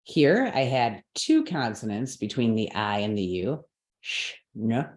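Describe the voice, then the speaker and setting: A woman teaching a live class, explaining step by step, checking that her students follow, and correcting her own slips out loud. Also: extremely low pitch, big pitch swings, a little slow, echoey room. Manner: patient, step-by-step explaining with frequent checks for understanding.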